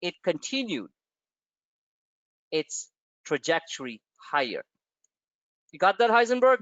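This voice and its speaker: A man's voice: sits high, measured pace, no room sound, lo-fi sound. A man hosting a live stock-trading webinar, talking casually with profane asides and rambling stories. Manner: animated, profane, tangents into personal stories.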